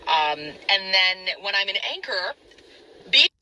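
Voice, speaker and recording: A woman with a neutral Midwestern American accent, casually telling a quick story about how she speaks. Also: mid-range voice, big pitch swings, sharp tone, rough recording. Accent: neutral American Midwest, from Ohio. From Dominican-American, raised in Rhode Island. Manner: quick, chatty, matter-of-fact. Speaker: vlogger telling her story.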